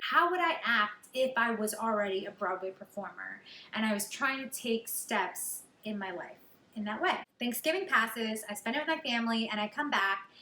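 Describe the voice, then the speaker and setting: A young woman tells her own story in a chatty, animated vlog style. Her voice is bright and slightly high. The room is echoey, with a faint hiss behind her. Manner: chatty, animated, many likes. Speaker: vlogger. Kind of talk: storytelling to camera.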